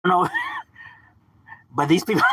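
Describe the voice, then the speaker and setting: A man's voice: very high voice, bright, forceful tone. A man streaming a game, ranting casually in profane street slang with mock exasperation and frequent laughter. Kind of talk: casual live-stream rant.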